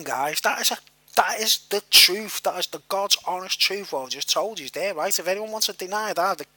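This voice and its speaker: A man's voice: high voice, sharp tone, no room sound. A man telling a personal story in a rambling, repetitive way, full of fillers and the odd swear word. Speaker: vlogger.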